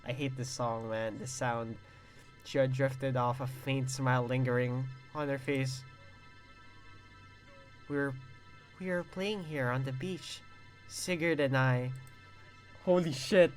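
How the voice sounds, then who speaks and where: Excitable young man streaming a game. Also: mid-range voice, slow pace, long pauses, soft background music. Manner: excitable, swears and exclaims between read-out passages. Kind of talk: casual game streaming, reading game text aloud.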